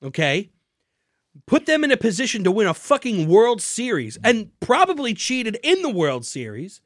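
A man's voice: high-pitched, wildly swooping pitch, moderate pace, no echo, clean studio sound. A man co-hosting a podcast, arguing heatedly and profanely, cutting in over his partner. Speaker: podcast co-host. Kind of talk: heated casual sports argument. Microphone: podcast microphone.

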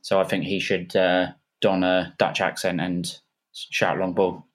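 A man's voice: low-pitched, monotone, a little slow. A man chatting on a football podcast, wry and teasing. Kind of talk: casual football podcast chat.

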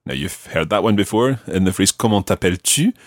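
A man's voice: deep voice, lively intonation, a little fast, no echo, clean studio sound. A man teaching a language lesson on a podcast, patiently prompting his learner with questions.

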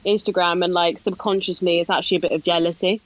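A woman's voice: fairly low pitch, level tone, fast talker, rough recording. A woman co-hosting a podcast in casual chat, joking bluntly and crudely. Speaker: podcast co-host.

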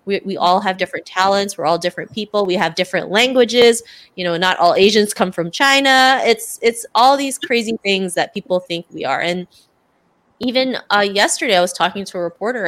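A woman's voice: mid-range voice, animated, fairly quick, fairly bright tone. Woman on a podcast as the guest, earnest and chatty, lots of "like" and "you know", voice right in the middle. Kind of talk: casual interview conversation.

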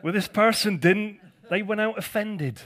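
A man's voice: sits high, unhurried, fairly bright tone. A male pastor preaching a conversational sermon, with jokey asides to his congregation.

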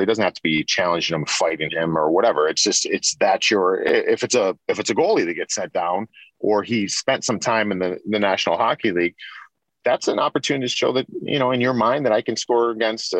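Brief: lower-voiced man, 40s, ex-athlete guest, rambling storyteller, dry close recording. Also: fairly bright tone, no echo. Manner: rambling, many restarts and repeats. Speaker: interview guest, former pro hockey player. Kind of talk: casual storytelling interview.

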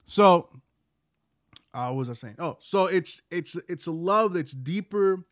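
Man, podcast co-host, sniffling, halting explanations, dry close sound. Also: sits high, expressive, dry recording. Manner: halting, many restarts while explaining. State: sniffly from a cold. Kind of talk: casual faith podcast chat.

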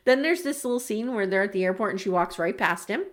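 A fast-talking woman with a medium-pitched voice co-hosts a podcast, recapping a reality show in casual, sarcastic chat. She's animated and acts out the quotes.

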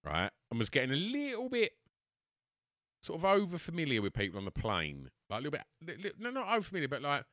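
A man's voice: fairly high pitch, fast talker, dry recording, studio quality. Sweary man telling a story. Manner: sweary, animated anecdote teller who acts out quotes. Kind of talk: casual chat, storytelling.

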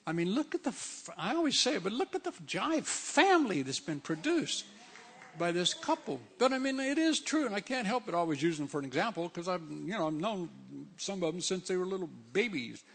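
High gravelly-voiced preacher. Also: male voice, very animated, fairly quick, a bit bright. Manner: conversational, emphatic, keeps saying "man". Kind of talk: sermon.

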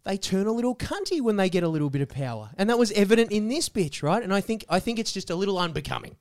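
A man playing a loud, crude segment host who rants with mock outrage. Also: sits high, very animated, fast talker. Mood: ranting. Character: loud foul-mouthed male segment host with a grudge.

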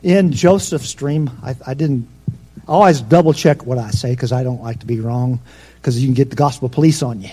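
A pastor preaching a sermon, swinging between loud emphatic peaks and soft, low asides. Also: male voice, brisk, breathy edge.

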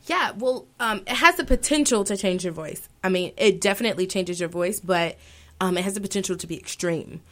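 A woman's voice: medium pitch, brisk. A woman in her twenties, an aspiring opera singer, answering interview questions thoughtfully, with many fillers and self-corrections. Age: 20s.

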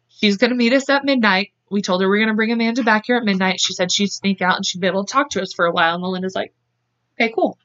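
A woman hosting a podcast, retelling a case in casual chat, acting out quotes in quick voices and speaking bluntly. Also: mid-range voice, steady tone, fairly bright tone, muffled recording. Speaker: podcast host. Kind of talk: casual true-crime storytelling.

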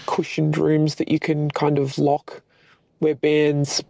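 Hesitant woman with a gravelly, dark voice. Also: sits low, completely flat delivery, slow, no room sound, rough recording. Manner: hesitant, with many ums. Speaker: listener sharing a secret.

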